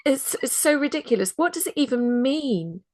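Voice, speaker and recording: A woman's voice: sits high, lively intonation, normal speed, a little mellow, dry recording. A woman co-hosting a podcast, chatting casually with an emphatic, indignant manner. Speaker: podcast co-host. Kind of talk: casual chat.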